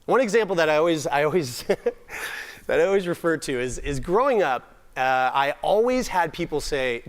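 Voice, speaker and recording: A young man from Nova Scotia with a fairly high voice tells funny stories about himself to a summit audience. He often restarts his sentences and uses comic timing. His tone is self-mocking. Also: big pitch swings, moderate pace. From Nova Scotia, Canada. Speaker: summit speaker. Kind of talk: humorous personal storytelling talk.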